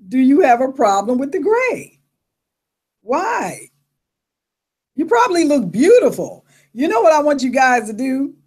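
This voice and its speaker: A middle-aged woman vlogger chatting casually, reading viewer comments and telling animated stories with frequent laughter. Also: a little high. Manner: animated storyteller who laughs often and acts out reactions. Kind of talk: casual chat.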